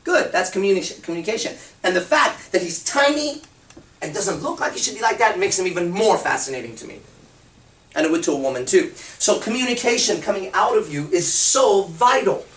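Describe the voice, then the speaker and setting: Guy with a high voice giving a cursing dating seminar, echoey room, mic kinda far off. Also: a little fast. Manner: blunt, profane, animated. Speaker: dating and confidence coach. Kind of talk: seminar talk to a live group.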